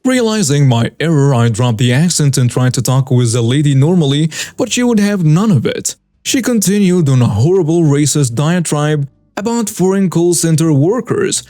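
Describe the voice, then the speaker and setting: A man narrates reader stories in a slightly high but mellow voice, recorded close and dry. His delivery is even and read-aloud, with faint music underneath. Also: dry recording. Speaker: story channel narrator.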